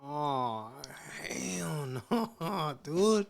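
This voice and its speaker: A woman's voice: low-pitched, big pitch swings, drawn-out words, creaky. A woman host giving short, shocked, profane reactions to a story. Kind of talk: casual chat.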